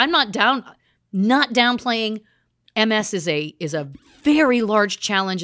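A woman hosting a podcast recounts research in casual storytelling chat, full of asides and restarts. Her mid-range voice is a bit bright, and the recording is dry and of studio quality.

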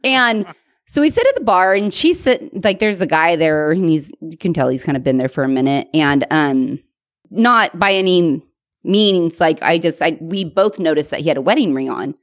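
A woman's voice: sits low, moderate pace, dry recording, clean studio sound. A woman in her thirties co-hosting a podcast, telling a bar story in casual chat, with plenty of "like" and some swearing. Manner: animated storytelling, lots of "like" and swearing. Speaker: podcast co-host.

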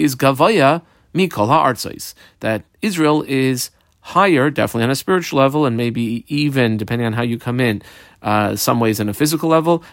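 A man's voice: mid-range voice, fairly bright tone, no echo, clean studio sound. A man teaching a Talmud page in a casual, explaining way, translating Hebrew and Aramaic terms into plain English as he goes.

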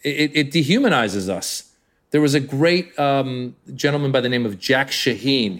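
A man's voice: medium pitch, normal speed. A man in his fifties from Iran, a comedian guest on a podcast, telling stories animatedly and slipping into voices. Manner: animated storyteller, jumps into voices. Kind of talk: podcast interview.

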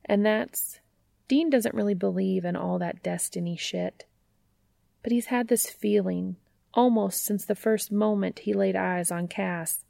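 A woman narrating a fan fiction story in a calm, intimate storytelling manner. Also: mid-range voice, measured pace, vocal fry, dry recording, studio quality.

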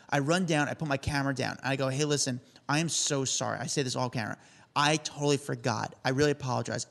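A man co-hosting a casual celebrity news podcast, telling stories in a quick, self-deprecating way. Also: mid-range voice, creaky, a bit bright. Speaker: co-host.

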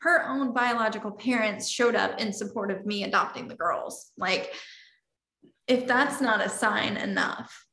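A woman's voice: medium pitch, unhurried, vocal fry, pushed and bright. A woman telling a personal story in an interview, earnest and openly emotional. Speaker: interview guest. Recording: roomy echo.

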